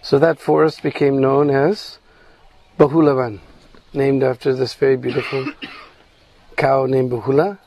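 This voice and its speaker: A man telling a devotional story slowly, checking in with his listeners with "hmm?" between phrases. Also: medium pitch, little pitch movement, darkish tone, no room sound, low-quality recording.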